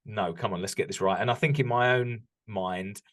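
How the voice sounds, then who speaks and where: Candid British man, lowish voice. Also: moderate pace, a bit bright. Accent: British English. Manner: reflective, candid, frequent restarts and ums. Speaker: podcast guest, business owner. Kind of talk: casual interview chat.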